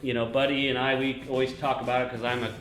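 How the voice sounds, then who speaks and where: A man's voice: mid-range voice, little pitch movement, quick pace, fairly bright tone, echoey room, soft background music, poor audio. A man hosting a casual racing talk show, joking and often laughing. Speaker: host. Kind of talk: casual chat.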